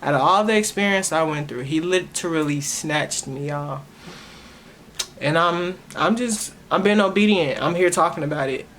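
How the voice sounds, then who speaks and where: A woman's voice: low-pitched, normal speed, a bit bright, slight background noise. A young woman, hosting her own podcast and sharing a personal testimony in an earnest, emotional way, often stopping and restarting her words. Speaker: podcast host.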